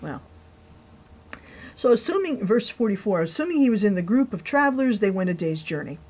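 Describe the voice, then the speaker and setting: A woman's voice: medium pitch, a little fast, rough recording. Chatty woman pastor preaching. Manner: chatty and animated, with asides and laughs. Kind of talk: conversational sermon with scripture reading.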